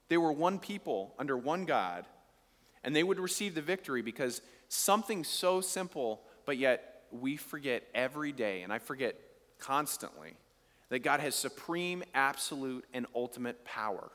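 A man preaching a sermon, reading scripture and explaining it, swinging from quiet asides to near-shouted emphasis. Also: a little high. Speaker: pastor. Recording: long hall reverb.

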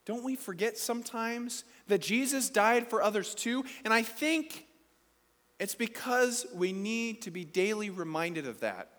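A man's voice: high voice, lively intonation, a little slow, fairly bright tone, long reverb tail. A man preaching a sermon in a conversational, playful way, asking the congregation questions. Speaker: pastor.

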